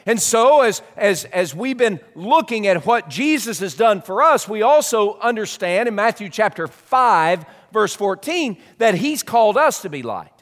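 A man preaching a sermon as pastor, animated and emphatic, often repeating words as he builds a point. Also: high-pitched, measured pace, few pauses, in a large hall.

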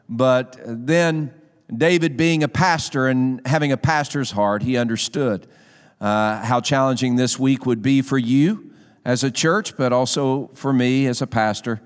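Earnest pastor, smooth resonant voice. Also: male voice, medium pitch. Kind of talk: sermon introduction. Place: church sanctuary. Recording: long church hall reverb.

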